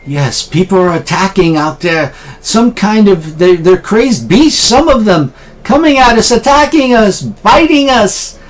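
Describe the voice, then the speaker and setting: A man's voice: sits high, animated, measured pace, a little hiss or hum, voice pushed up. A man voicing a panicked survivor of a beast attack, speaking in frantic short bursts.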